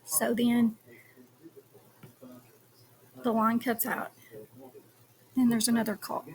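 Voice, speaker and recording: Speaking slowly in a somewhat high voice, this woman covers a trial as a true crime commentator, hesitating with many ums. When she reads the call transcripts aloud, her delivery turns flat and even, over a slight hiss or hum.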